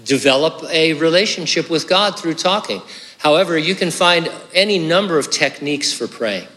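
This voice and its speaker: A man's voice: a little high, animated, moderate pace, bright, forceful tone, long reverb tail. A man preaching a sermon as pastor, earnest and conversational, with hiccups and casual asides.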